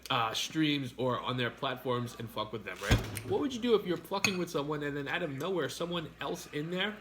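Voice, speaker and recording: A man's voice: a little high, noisy background. A man chatting casually while eating on a mukbang stream, blunt and argumentative, swearing freely.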